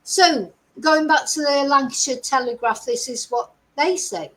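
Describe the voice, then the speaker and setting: Middle-aged woman, high voice, unhurried, opinionated livestream host. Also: fairly bright tone, rough recording. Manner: opinionated, asks the audience lots of rhetorical questions. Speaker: true crime channel host. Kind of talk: livestream commentary to viewers.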